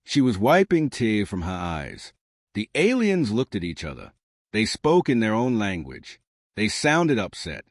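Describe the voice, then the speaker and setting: A man narrating a science fiction story in a plain, even storytelling manner. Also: on the low side, measured pace, no room sound, clean studio sound.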